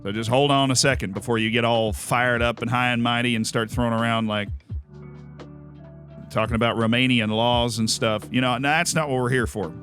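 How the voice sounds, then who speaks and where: A young man with an American accent talks loosely to his stream audience, reading out messages and firing back quick joking answers. His voice is bright and forceful, and soft music plays faintly underneath. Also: mid-range voice. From United States. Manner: animated and talkative, quick restarts and joking replies. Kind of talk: casual live-stream chat, reading out viewer messages.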